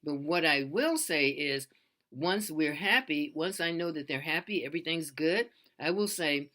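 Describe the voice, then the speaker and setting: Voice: medium pitch, animated, unhurried, bright, forceful tone. A freelance voiceover artist giving casual how-to advice, in an earnest, loose way with many restarts and repeats.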